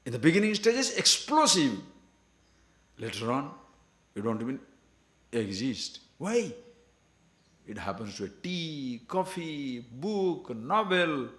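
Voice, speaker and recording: Guy teaching scripture to a class, pitch jumps all over, lots of rhetorical questions, echoey room. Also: big pitch swings, slow, pauses often, a bit bright. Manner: asks many rhetorical questions, emphatic. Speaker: spiritual teacher.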